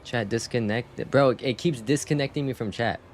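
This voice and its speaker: A young man streaming a game live, chatting in a casual, animated way with lots of slang as he rants. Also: mid-range voice, normal speed, a little hiss or hum. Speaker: gaming streamer. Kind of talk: live gameplay commentary.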